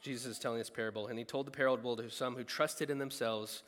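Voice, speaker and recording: Preaching with energy and animation, a man breaks into loud outbursts as he voices people's thoughts during his sermon. He talks fast in a mid-range voice, and the audio carries a large-room echo.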